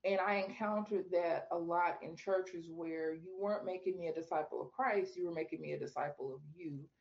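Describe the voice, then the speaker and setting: A woman guest on a podcast, telling her story in casual talk and acting out her own questions to God in a high, lively voice. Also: moderate pace, muffled recording. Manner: animated storyteller, acts out quoted talks with God in a high voice. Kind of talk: casual faith interview.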